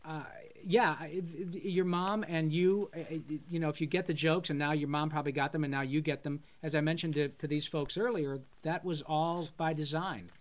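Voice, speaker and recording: Enthusiastic middle-aged man, higher voice. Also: fairly even intonation, brisk, few pauses. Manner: enthusiastic, rambling, with many fillers and restarts. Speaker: voice actor guest. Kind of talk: casual live Q&A chat.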